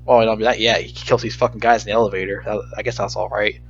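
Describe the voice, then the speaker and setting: A man's voice: lowish voice, little pitch movement, quick pace, a little hiss or hum. A man giving a casual, rambling movie review rant, profane and frustrated, in slightly dull lo-fi audio.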